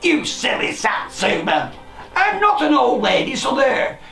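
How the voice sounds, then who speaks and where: A storyteller voicing a naughty, panicky young boy in a children's storybook reading, pleading in high squealing bursts. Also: big pitch swings, measured pace, vocal fry, pushed and bright, full character voice. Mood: cheeky. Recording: roomy echo, faint music.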